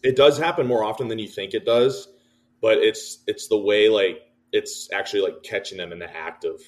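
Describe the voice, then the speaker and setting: A young man in casual podcast chat, talking haltingly with many fillers and restarts. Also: fairly low pitch.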